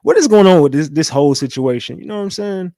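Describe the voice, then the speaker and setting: A man hosting a casual livestream, talking loosely, repeating catchphrases and shouting out viewers. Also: on the high side, animated, fast, no echo. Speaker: livestream host.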